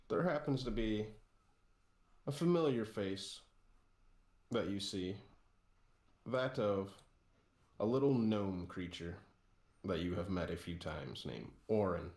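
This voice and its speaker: A man narrating a tabletop game as game master in a relaxed way, with fillers and restarts. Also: lowish voice, takes it slowly, pauses often. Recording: roomy echo.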